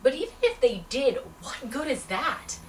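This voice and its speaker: A shaken young woman tells her story in plain, earnest, halting words, acted by a young woman auditioning. Her voice sits a little high. It is heard from a distance in a roomy space with a faint hum. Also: animated. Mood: hushed, grieving. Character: shaken young woman recounting a cruel memory. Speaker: auditioning actor. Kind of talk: audition monologue, dramatic. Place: audition room. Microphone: far camera. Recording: echoey room from a distance.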